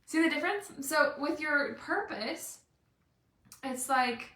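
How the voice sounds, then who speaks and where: Bubbly high-voiced woman coach. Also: lively intonation, takes it slowly, bright, forceful tone, echoey room. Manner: bubbly and playful, acts out little scenes. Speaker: life and business coach. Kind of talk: motivational live video talk.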